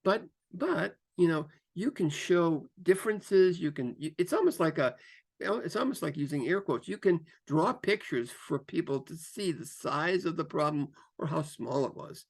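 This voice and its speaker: A man's voice: moderate pace, gravelly. A man giving career coaching advice to camera, varying his pace and tone for emphasis and often repeating himself with fillers. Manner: lively, shifts pace and pitch for emphasis; repeats phrases, frequent fillers. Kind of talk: instructional talk to camera.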